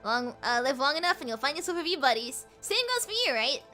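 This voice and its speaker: Gruff old Southern man, put on by a woman reading aloud, folksy and rough-mouthed, swoopy delivery. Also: sits high, expressive, fast talker, sharp tone, faint music behind. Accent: put-on American Southern. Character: gruff old male scavenger with a drawl.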